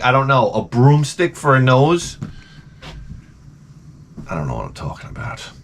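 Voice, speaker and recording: A man's voice: mid-range voice, fairly bright tone. Middle-aged Long Island guy, sarcastic rambling rant, lots of swearing. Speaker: vlogger. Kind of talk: ranting comedic storytelling.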